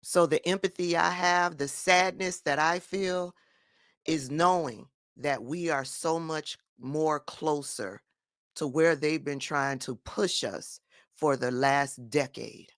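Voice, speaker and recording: A woman's voice: deep voice, slow, no echo, studio quality. A woman giving firm, emphatic political commentary in a vlog monologue.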